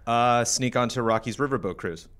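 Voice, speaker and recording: A man's voice: medium pitch, moderate pace, fairly bright tone. A man co-hosting a casual gaming podcast, easygoing and self-deprecating. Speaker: podcast co-host.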